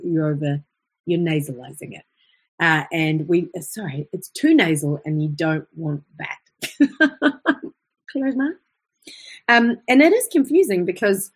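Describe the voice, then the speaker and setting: A woman's voice: on the low side, husky. A woman teaching an online voice lesson, explaining in a chatty way with fillers and self-corrections.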